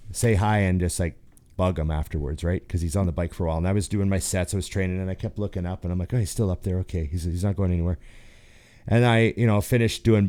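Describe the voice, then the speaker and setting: Deep-voiced Canadian man telling stories. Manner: animated, acts out the voices in his stories. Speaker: guest, pro bodybuilder. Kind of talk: casual storytelling.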